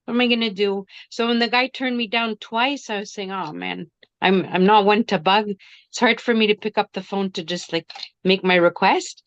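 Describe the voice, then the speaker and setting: A middle-aged woman on a video call, casually telling a personal story with animated quoted dialogue. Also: medium pitch, moderate pace, dry recording, lo-fi sound. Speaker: workshop participant.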